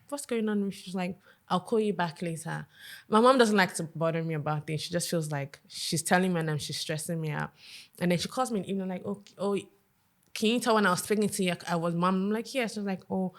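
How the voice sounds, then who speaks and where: A woman guest on a podcast, telling a personal story in a soft, hesitant way with many fillers. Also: fairly low pitch.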